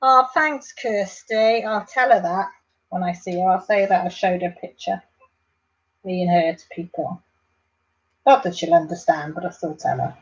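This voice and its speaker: A woman's voice: lowish voice, moderate pace. Welsh lady nattering away to her viewers from home, chatty and homely, kinda dull lo-fi sound. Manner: chatty, warm-hearted, talks to viewers by name. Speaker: vlogger. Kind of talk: casual live-stream chat.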